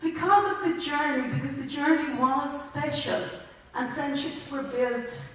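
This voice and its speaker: A woman's voice: high-pitched, a little slow, a bit bright. An Irish woman, a school principal, giving a heartfelt, chatty ceremony welcome speech with some stumbles, in a large indoor sports hall. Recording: echoey hall from far off.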